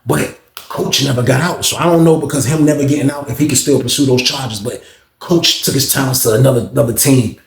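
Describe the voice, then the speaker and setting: A man's voice: medium pitch, a little fast, creaky. A man casually telling a story full of slang and profanity, talking straight to his viewers in a roomy echo.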